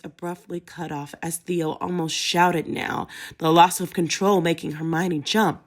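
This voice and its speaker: A woman narrating a story in a steady, even reading. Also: fairly low pitch, measured pace, few pauses. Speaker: audiobook narrator.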